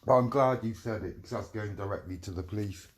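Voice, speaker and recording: A man's voice: on the low side, a little fast. A middle-aged man delivering a heated, profane rant, repeating himself as he vents. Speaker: vlogger. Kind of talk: angry ranting monologue.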